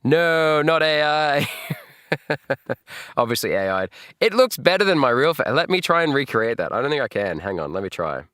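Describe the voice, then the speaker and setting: An Australian man chatting on a live reaction stream, jokey and animated and laughing often. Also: medium pitch, fast, hardly any pauses, no echo, studio quality.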